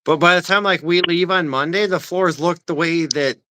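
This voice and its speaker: A man's voice: on the high side, moderate pace. A young man, a machine shop worker, ranting in casual chat about his job, swearing freely. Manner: ranting, profane, animated.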